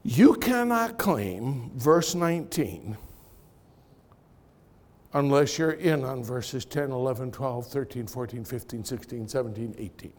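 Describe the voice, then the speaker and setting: A man preaching a sermon in church, swinging from loud punchlines to quiet, confiding asides as he tells stories. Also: mid-range voice, lively intonation, unhurried. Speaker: pastor. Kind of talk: sermon with storytelling.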